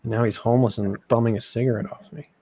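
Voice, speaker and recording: Gravelly young man telling stories. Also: medium pitch, fast talker. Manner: animated, acts out quoted people with raised voice. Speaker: host. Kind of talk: casual storytelling chat.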